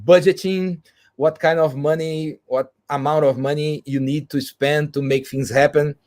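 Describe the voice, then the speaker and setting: A man explains a business topic, stopping and restarting his phrases often. His voice sits a little high for a man. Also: steady tone, a little mellow. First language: Portuguese. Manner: halting, with frequent restarts and fillers. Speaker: guest speaker. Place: video call.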